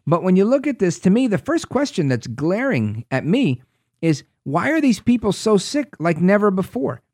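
Man, talk radio host, sarcastic asides, slightly high voice, dry studio sound. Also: very animated, normal speed, darkish tone, no echo. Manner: sarcastic, reads articles aloud with asides.

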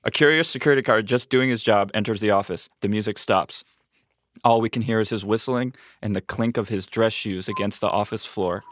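A man's voice: lowish voice, brisk, a bit bright, no echo, studio quality. Man narrating a silly movie parody. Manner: playful, laughing often, mock-dramatic. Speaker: comedy narrator reading a parody script. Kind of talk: improv comedy narration.

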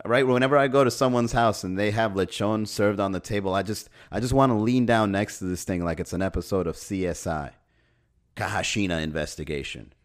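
A man's voice: fairly low pitch, fairly quick. A man hosting a podcast, talking in a wry, sarcastic comic monologue and laughing at his own jokes. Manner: swears casually. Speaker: podcast host. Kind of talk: casual comedic podcast monologue.

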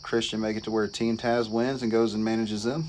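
A man co-hosting a podcast, going through a wrestling card in relaxed casual chat with short replies. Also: fairly low pitch, brisk, slight background noise. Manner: laid-back, brief replies, reads out the match list. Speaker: podcast co-host.

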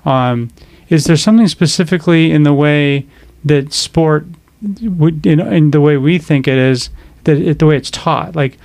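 Podcast host guy, gravelly voice, dry close sound, lots of um and like. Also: a little high, darkish tone, no room sound. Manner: halting questions full of fillers, finishes the other man's sentences. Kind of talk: casual podcast conversation.

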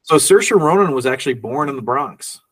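A man's voice: medium pitch, animated, moderate pace, slightly rough, recorded from a distance. A man co-hosting a casual film podcast, reading out trivia notes and laughing often. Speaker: podcast co-host.

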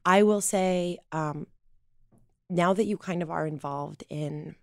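A woman's voice: lowish voice, dry recording, clean studio sound. An actress playing an anxious young woman who hesitates and restarts her sentences in an improvised comedy audio drama. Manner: hesitant, halting, nervous restarts.

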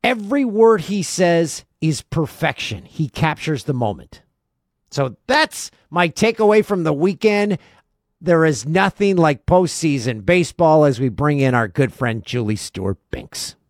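A man's voice: a little high, animated, a little slow, no echo, studio quality. A man hosting a sports podcast, talking with effusive enthusiasm. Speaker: podcast host. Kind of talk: casual sports chat.

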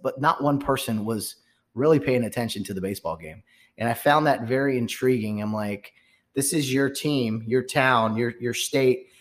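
A man co-hosting a sports podcast in casual chat, rambling with frequent restarts and fillers. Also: mid-range voice.

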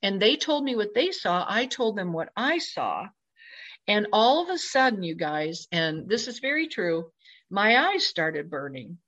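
A woman's voice: medium pitch, very animated, measured pace, fairly bright tone. Woman dramatically retelling a ghost encounter. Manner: emphatic, dramatic retelling with quoted exclamations. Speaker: storyteller. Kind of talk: personal ghost story. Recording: slightly dull lo-fi recording.

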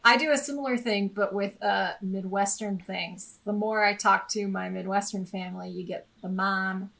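A woman's voice: medium pitch, steady tone, moderate pace, gravelly, a bit bright. An American woman co-hosts a casual podcast chat. She sounds enthusiastic and rambles, breaking into laughter as she goes. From United States. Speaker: podcast co-host.

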